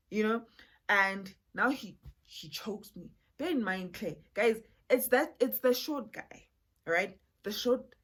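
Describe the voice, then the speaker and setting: A female vlogger with a husky, mid-range voice talks to her audience in a relaxed storytime video, full of fillers and addressing everyone as "guys."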